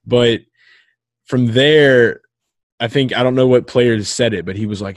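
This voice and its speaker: A man's voice: mid-range voice, fairly even intonation, moderate pace, no room sound, studio quality. A man co-hosting a casual sports podcast, rambling with lots of filler words. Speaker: podcast co-host.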